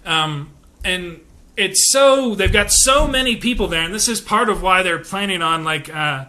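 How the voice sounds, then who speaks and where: A man's voice: sits high, a little slow, bright, forceful tone. A young man hosting a podcast, giving casual political commentary in a rambling way with many fillers and restarts. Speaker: podcast host.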